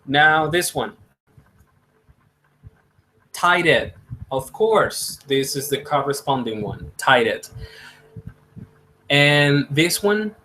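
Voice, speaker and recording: Leading a slow English pronunciation drill, a man whose first language is Spanish draws out and repeats each word, his voice a little high for a man. He occasionally breaks into quick Spanish to explain, sounding expressive, pushed and bright. There is slight background noise on a rough recording.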